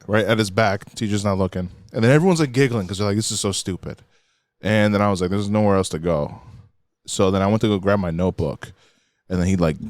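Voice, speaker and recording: A young man chatting on a podcast, telling an animated, swear-filled story and acting out the other people's lines. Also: medium pitch, no room sound, clean studio sound. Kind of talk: casual podcast chat. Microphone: studio mic.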